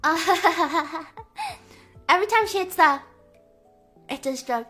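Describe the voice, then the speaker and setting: A young woman streaming live with a high, bright voice full of likes and ums. She jokes and giggles her way through casual chat. Soft music plays faintly underneath. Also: slow. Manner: playful, giggly, valley-girl fillers.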